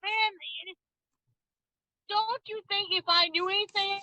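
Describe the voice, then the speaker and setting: Defensive, swearing high-voiced woman. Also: slow, bright, forceful tone, no echo. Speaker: mother of a missing girl. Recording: dull lo-fi call audio.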